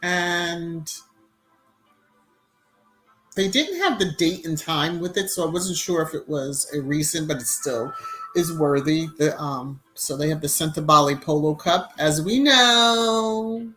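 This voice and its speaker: A woman hosting a casual live stream, chatting and greeting viewers by name between relaxed asides. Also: sits low, takes it slowly, soft background music.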